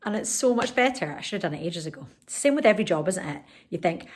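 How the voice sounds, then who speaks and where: A woman's voice: fairly low pitch, fast, few pauses, a little mellow. Chatty woman vlogging at home. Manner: chatty, upbeat, self-encouraging. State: out of breath. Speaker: lifestyle vlogger. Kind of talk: casual vlog chat.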